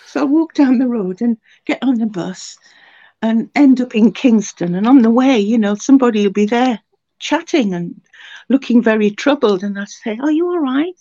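An older woman tells her faith story to an interviewer, earnest and heartfelt, her voice mellow and soft. The recording sounds a little dull and muffled. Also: fairly high pitch, moderate pace. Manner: earnest, emotional storytelling with many restarts. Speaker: interview guest. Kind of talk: personal faith testimony.

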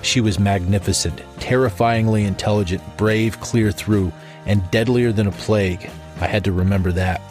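A man's voice: lowish voice, fairly even intonation, moderate pace, darkish tone, faint music behind. A man reading a first-person story in a dry, wry manner. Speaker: narrator.

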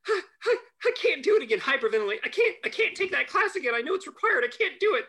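A woman's voice: very animated, quick pace, pushed and bright, full character voice. A man doing a sobbing, panicked young woman. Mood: distraught. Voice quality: high, tearful, breaking. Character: sobbing young female law student, panicked.

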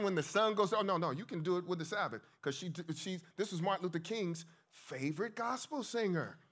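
A man preaching a lively sermon, emphatic and calling out to his congregation. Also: high voice. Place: church hall with congregation.

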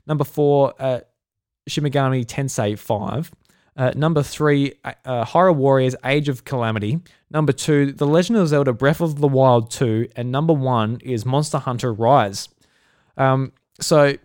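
A man's voice: medium pitch, a little mellow, clean tone, dry recording, clean studio sound. A man with an Australian accent hosting a solo podcast in a casual, rambling way, full of fillers and restarts. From South Australia. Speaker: podcast host.

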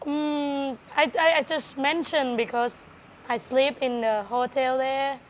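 A woman's voice: sits high, fairly even intonation, takes it slowly, slight background noise. Playful Thai woman, bar owner. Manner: playful, non-native English phrasing. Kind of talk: casual interview answers.

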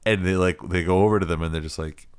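A man's voice: deep voice, steady tone, fast, clean tone. A man co-hosting a podcast, telling a story in a rambling way, laughing often and swearing freely. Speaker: podcast co-host. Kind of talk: casual chat.

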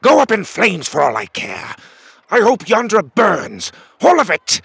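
A man's voice: sits high, huge pitch swings, a little slow, creaky, a bit bright, breathy edge, no room sound, pitched above the performer's own voice, exaggerated voice. A man voicing a cowardly, panicky king who shrieks frantically in a storybook tale. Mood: furious.

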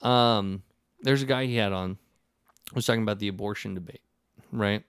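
Podcast host, male, lowish voice, rambling casual storyteller, dry close sound. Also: moderate pace, clean tone, dry recording. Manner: rambling, animated storytelling with many restarts. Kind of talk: casual conversation.

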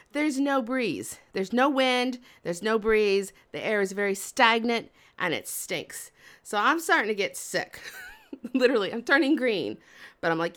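High-voiced woman telling a comic story. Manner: animated, dramatic, acts out her panic.

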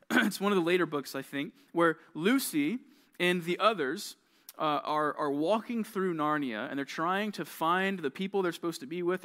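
A young youth pastor preaches to teenagers in a casual, conversational way. He tells stories with lively energy and acts out the characters' lines. His voice sits a little on the high side. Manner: conversational, animated storytelling with quoted voices. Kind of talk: youth sermon.

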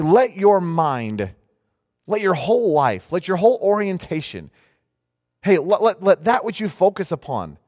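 A male pastor preaches with a lively, swooping delivery, his voice a touch higher than most men's. He hammers his points through repetition and frequent "hey"s. The sound trails off in the long reverb of a big hall. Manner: emphatic preacher, repeats phrases, keeps saying "hey". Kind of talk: sermon.

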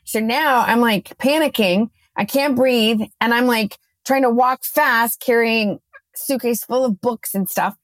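A woman co-hosting a podcast, chatting casually and telling a lively story, acting out her own quotes. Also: on the high side, a little slow, dry recording. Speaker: podcast co-host.

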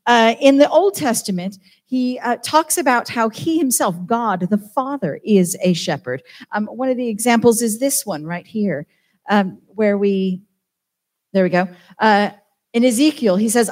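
A woman's voice: fairly high pitch, measured pace, darkish tone. A woman with a British accent on a church team, giving an informal, chatty sermon with self-deprecating asides. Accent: British English. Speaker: church team member preaching.

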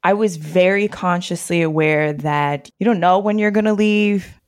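A woman being interviewed, telling personal stories in a lively way, acting out quoted speech and laughing often. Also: lowish voice, moderate pace. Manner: animated storyteller who acts out quotes, laughs often. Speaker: interview guest. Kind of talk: casual conversation.

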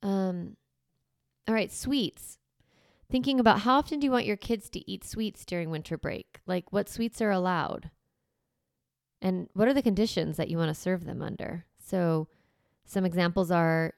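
A woman in her thirties talks through parenting tips in a relaxed, conversational way, slipping into what a parent would say to a child. Her voice sits a bit low with a gravelly edge yet stays smooth. The recording is dry and close. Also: normal speed, no room sound. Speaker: parenting coach. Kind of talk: casual advice talk.

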